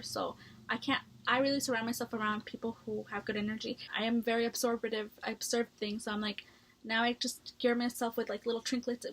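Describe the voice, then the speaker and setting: Young woman ranting through a story time vlog, kinda high voice, swears a lot, keeps restarting. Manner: candid and blunt, swears freely, restarts often; heated when retelling the story. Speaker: vlogger. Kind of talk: casual storytelling to camera.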